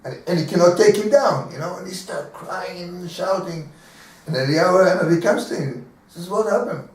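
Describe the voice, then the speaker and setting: Animated rabbi in an echoey room. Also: male voice, high voice, moderate pace. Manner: animated storyteller, acting out voices in the story, chuckling. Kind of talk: telling a teaching story in a class. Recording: echoey room from far off, faint background noise.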